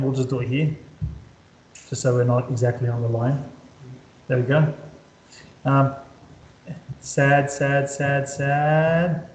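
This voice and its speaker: A man tutoring calculus at a whiteboard speaks in a mid-range, somewhat mellow voice, with the room adding an echo. He echoes his own words while drawing and keeps testing his student with questions.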